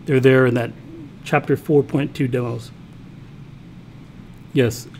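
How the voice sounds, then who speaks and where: With a medium-pitched, steady, slightly mellow voice, this man speaks at a slow pace with vocal fry, and slight background noise can be heard. He's a college instructor live-coding in a programming class, casually thinking aloud and talking to himself as he types, often checking in with students.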